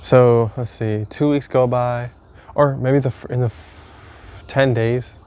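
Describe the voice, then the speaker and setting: A man's voice: medium pitch, steady tone, slow, a little mellow, clear, resonant tone. Candid young man rambling about a breakup. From United States. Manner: candid, rambling, swears freely, self-mocking. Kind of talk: casual storytelling to camera.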